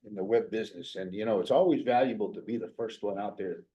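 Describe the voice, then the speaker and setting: A man on the county board at a public meeting, talking in a halting, casual way. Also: lowish voice, mellow. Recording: dull, muffled recording.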